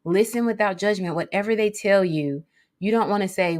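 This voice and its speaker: A woman giving an instructional talk on mental health support, often pausing to check in with listeners. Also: mid-range voice, darkish tone. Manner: checks in often with "okay?", acts out example phrases.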